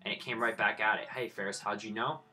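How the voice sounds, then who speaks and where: A man's voice: lowish voice, steady tone, fast, pushed and bright, soft background music. A man in his twenties giving blunt, profane live-stream commentary on his crypto trades and lecturing his viewers. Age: 20s.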